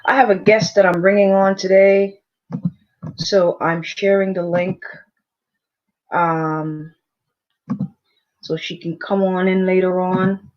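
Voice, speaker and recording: A woman's voice: on the low side, little pitch movement, takes it slowly, long pauses, highs cut off. A woman hosting a casual livestream, chatty, repeating her greetings and calling on viewers directly. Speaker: livestream host.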